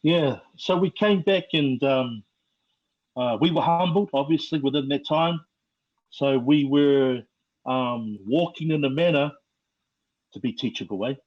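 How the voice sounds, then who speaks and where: A middle-aged man with a New Zealand accent, telling his life story as a podcast guest in a slow, reflective way with many fillers. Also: mid-range voice, a little mellow, lo-fi sound. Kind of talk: personal testimony.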